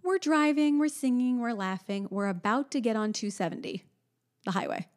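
A woman in her thirties chats through a story with lively energy. Her voice sits a little high, and she jumps into other people's voices as she goes. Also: moderate pace. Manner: animated storyteller, acts out a toddler's high voice. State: pregnant. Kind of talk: casual storytelling chat.

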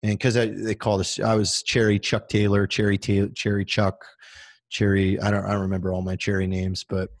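A man's voice: on the low side, monotone, moderate pace. A man in his thirties, a military veteran guest, telling a story in casual chat. He swears freely and fills his talk with "like". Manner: profane, heavy use of "like" fillers.

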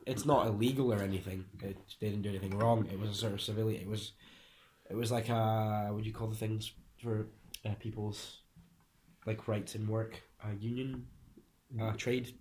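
A young man with a lowish voice talks casually, explaining things at length. He often restarts his sentences and pauses to hunt for the right word, with a loose, unscripted flow. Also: little pitch movement, a little mellow, slight background noise. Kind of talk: casual conversation.

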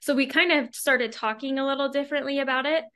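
A woman's voice: sits high, quick pace, pushed and bright. A woman hosting a casual podcast conversation, a mother who talks chattily with lots of fillers and frequent laughs. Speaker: podcast host; mother of a young child.

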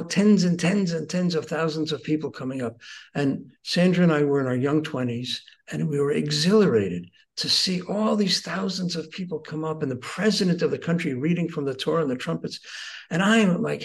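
His voice a little high, a sixties-aged guest teacher tells personal stories in an earnest, conversational way. The tone rises to excitement, then drops to a hush.

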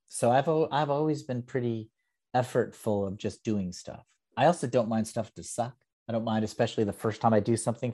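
A man speaks in a low register with a dark, mellow tone. He rambles casually, full of fillers and self-deprecating asides, as he chats with an interviewer on a podcast. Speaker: podcast guest, comedian and improv teacher.

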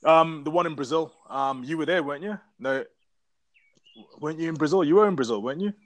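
A man's voice: a little high, fast, no echo. A man from Africa, telling stories in casual, profane chat as a podcast co-host. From South Africa. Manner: rambling, profane storytelling.

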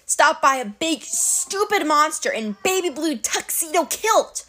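Animated woman reading a storybook. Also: high-pitched, unhurried. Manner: animated, dramatic. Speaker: audiobook narrator.

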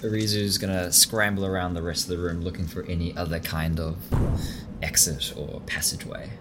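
Deep-voiced joking male player. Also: flat delivery, a little fast, background noise. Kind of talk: casual game chat. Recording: music playing underneath.

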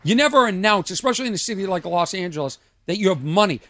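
A podcast host and comedian rants through a casual monologue from a trailer outside his home, firing off rhetorical questions. His voice is high, bright, and forceful, with lively intonation and a quick pace, and the audio has no echo.

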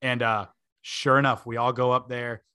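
A man's voice: medium pitch, flat delivery, normal speed, pushed and bright, clear, resonant tone. A man in his twenties, a podcast host, telling a long story in a casual way, full of fillers and laughing asides.

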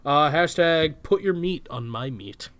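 A man's voice: on the high side, expressive, unhurried, fairly bright tone. A man co-hosting a podcast, reading listener hashtags aloud, laughing often and tripping over words. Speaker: podcast co-host.

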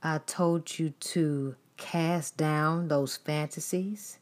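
A woman preacher delivers a sermon in a voice a little low for a woman, hammering her points through emphatic repetition, line stacked upon line. Her intonation stays fairly even, and she draws out her words.

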